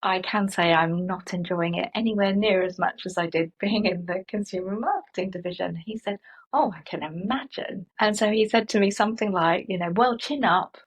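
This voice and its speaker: Middle-aged woman guest, husky voice, animated storyteller who acts out the voices of others. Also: mid-range voice, brisk, poor audio. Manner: animated, acts out quoted dialogue. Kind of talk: conversational storytelling.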